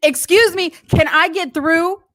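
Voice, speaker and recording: A woman quoting a slow, insistent older lady. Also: very high voice, steady tone, fairly bright tone, no room sound, pitched above the performer's own voice.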